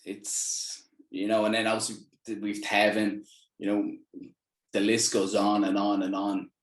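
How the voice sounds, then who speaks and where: Low-voiced Irish man in a roomy room. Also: completely flat delivery, a little slow. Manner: chatty, acts out quoted lines with bursts of energy. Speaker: podcast host. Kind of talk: casual chat. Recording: roomy echo.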